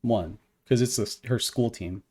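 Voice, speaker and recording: A man in a middle register tells a story with a lot of swearing and plenty of heat. His delivery is animated and conversational, the way a podcast co-host riffs with a friend. The tone stays casual and worked up. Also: mid-range voice, normal speed. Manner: profane, animated storytelling, heated.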